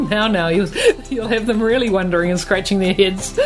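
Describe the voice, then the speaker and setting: A middle-aged woman, hosting a podcast interview in a relaxed, chatty way and laughing often. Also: mid-range voice, normal speed. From New Zealand. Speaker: podcast host. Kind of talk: casual interview chat.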